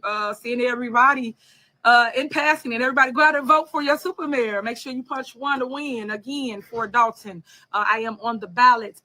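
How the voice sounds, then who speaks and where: Bright-voiced woman politician, defiant. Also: on the high side. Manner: measured, filler-laden, defiant. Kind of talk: political address to viewers.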